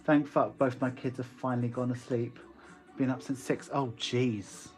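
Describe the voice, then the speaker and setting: A chatty man with a West Country accent talks through a casual live stream, reading out viewer comments and breaking into laughs. His pitch sits right in the middle for a man. Soft music plays faintly behind him. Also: flat delivery, moderate pace. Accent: West Country English. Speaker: online shop owner streaming live.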